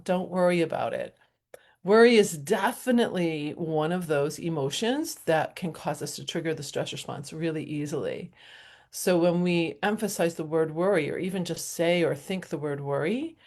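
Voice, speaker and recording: Brief: middle-aged woman, slightly low voice, relaxed reflective chat, easy laughs. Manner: chatty, thoughtful, frequent fillers and little laughs. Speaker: speaker sharing self-help reflections. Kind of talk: casual reflective talk.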